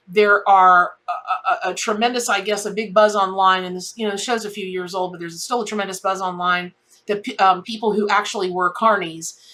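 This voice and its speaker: A woman's voice: medium pitch, sharp tone. A middle-aged woman giving a casual spoken tarot reading. She rambles in a heartfelt way, often repeating herself and restarting her sentences. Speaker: tarot reader.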